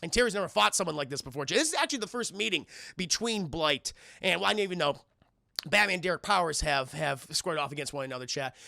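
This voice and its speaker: High, gravelly man. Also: quick pace, dry recording, clean studio sound. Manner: excitable, profane, addresses chat often. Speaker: cartoon reviewer streaming to chat. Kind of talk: casual commentary.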